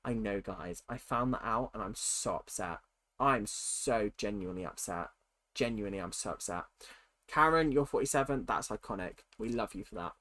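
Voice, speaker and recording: Chatty streamer with a cold. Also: male voice, fairly low pitch, lively intonation, moderate pace, fairly bright tone. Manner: chatty and candid, answering questions as they come. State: has a cold. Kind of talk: casual livestream chat, reading viewer questions aloud.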